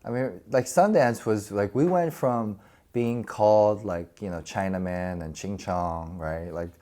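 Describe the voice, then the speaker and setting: A man in his forties telling stories casually in a podcast interview, animated and laughing often as he acts out quoted voices. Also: lowish voice, measured pace. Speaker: actor and podcast host.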